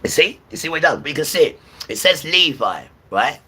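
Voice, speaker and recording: A man's voice: on the high side, big pitch swings, brisk, bright, forceful tone, distant mic, poor audio. A man preaching and ranting to viewers on a livestream, often checking in with "right?".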